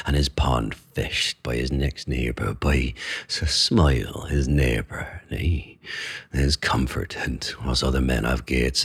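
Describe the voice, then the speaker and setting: A man doing a brooding jealous king in original pronunciation. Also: exaggerated voice. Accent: Elizabethan original pronunciation. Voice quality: rolling R's, deep and gravelly. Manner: slow, weighty, brooding delivery. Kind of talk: Shakespearean verse recital.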